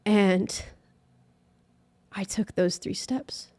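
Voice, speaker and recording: A young woman recounting her faith journey in an interview. She speaks earnestly and emotionally, pausing and restarting often with many fillers, at an ordinary middle pitch. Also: mellow. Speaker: guest musician. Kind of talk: personal faith story in an interview.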